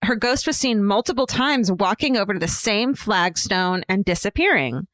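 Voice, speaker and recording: A woman co-host spins a story with lively, casual energy, swearing freely and laughing often. Her voice sits in an ordinary middle range. The sound is close and dry, with no room in it. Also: medium pitch, moderate pace, dry recording. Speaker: podcast co-host. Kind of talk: casual comedic chat, reading a listener story.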